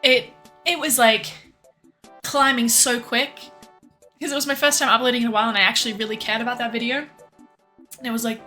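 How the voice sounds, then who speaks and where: A young woman talks loosely to her stream viewers, with a bright, sharp voice a little higher than most. She rambles, laughs often and swears without a second thought. Faint music plays behind her. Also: normal speed, long pauses. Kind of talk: casual livestream chat.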